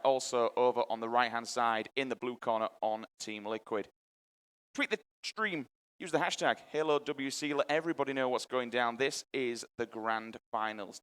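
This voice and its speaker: A man doing live play-by-play commentary at an esports event, energetic and hyping up the crowd. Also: mid-range voice, smooth. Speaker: esports caster.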